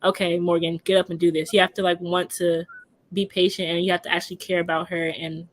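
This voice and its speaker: Young woman, low flat voice, lots of "like", kinda halting. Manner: halting, frequent fillers and restarts. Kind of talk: casual conversation.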